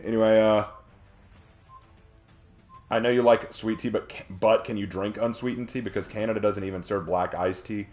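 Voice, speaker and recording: A man's voice: on the low side, fairly even intonation, moderate pace, long pauses, a little mellow. A man from South Carolina hosting a game live stream, chatting in a rambling, jokey way with goofy asides. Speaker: streamer host. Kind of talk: joking live-stream chat while gaming.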